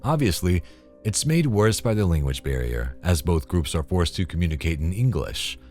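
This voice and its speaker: A man's voice: low voice, big pitch swings, normal speed, a little mellow. A man narrating scripted commentary in a dry, disapproving manner. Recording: voice-over with faint music.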